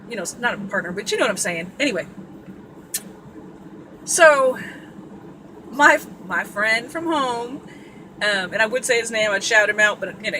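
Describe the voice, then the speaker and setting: A woman's voice: mid-range voice, noisy background. A woman from Sacramento telling a story in a casual, blunt and profane way, full of asides. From Sacramento, California. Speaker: vlogger.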